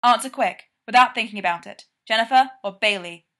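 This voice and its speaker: A woman voicing a dry, sardonic young man in a read-aloud story, with a flat, deadpan delivery. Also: fairly high pitch, fairly quick, close to an everyday voice. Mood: teasing.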